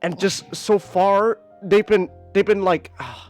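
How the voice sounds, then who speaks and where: A podcast host in casual, rambling comic-review chat, animated and swearing freely, leaning on filler words. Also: mid-range voice, slow, faint music behind.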